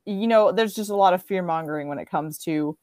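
A woman co-hosting a casual podcast, talking in a relaxed, rambling way with lots of ums. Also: on the low side, a little fast, slight background noise. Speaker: podcast co-host. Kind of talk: casual chat.

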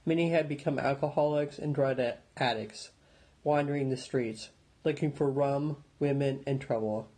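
A man narrating an audiobook in a steady, measured storytelling manner. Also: mid-range voice, breathy edge, low-quality recording.

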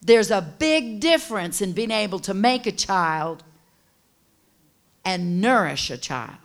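A woman preacher delivering a sermon, teaching and building to passionate shouting with call-and-response. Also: medium pitch, lively intonation, slow.

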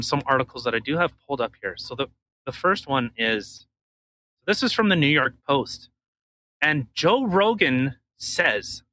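Bright-voiced, jokey male podcast host. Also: a little high. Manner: rambling, jokey, reads articles aloud. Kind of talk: casual comedic chat.

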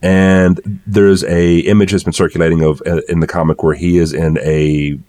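A man's voice: low voice, little pitch movement, moderate pace, darkish tone. A man co-hosting a casual podcast discussion, thoughtful and rambling, with many fillers. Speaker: podcast co-host.

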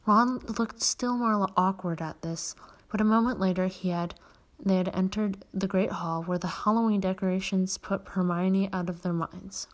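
A woman's voice: medium pitch, steady tone, normal speed. A woman hosting a podcast, reading a children's novel aloud, with occasional stumbles and self-corrections. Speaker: podcast host reading a story.

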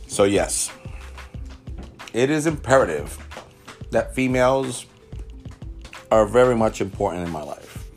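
A man's voice: fairly low pitch, animated, unhurried, long pauses, soft background music. A man from the South Bronx hosting a casual podcast, joking and rambling with his mouth full. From South Bronx, New York. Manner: joking, self-mocking, rambling. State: talking with mouth full of potato. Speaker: podcast host, father.

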